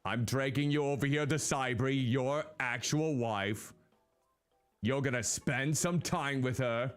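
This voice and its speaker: A VTuber streams a life-sim game, giving casual commentary and animatedly talking to the characters on screen. His medium-pitched voice is smooth and measured. Faint game music sits behind him.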